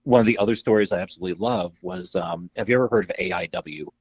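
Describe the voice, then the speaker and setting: Male podcast co-host, low pitch, husky, animated storyteller, casual and profane. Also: fast talker, dry recording, dull audio. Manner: animated storyteller, acts out quotes, swears freely.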